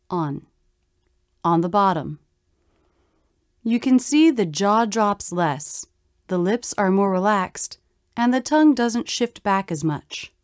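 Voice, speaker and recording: A woman explains mouth positions at a deliberately slow pace, pausing to model each vowel. Her voice sits at an ordinary pitch. The sound is dry and close, with no room around it. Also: clean tone, dry recording. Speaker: pronunciation teacher. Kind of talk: scripted instructional narration.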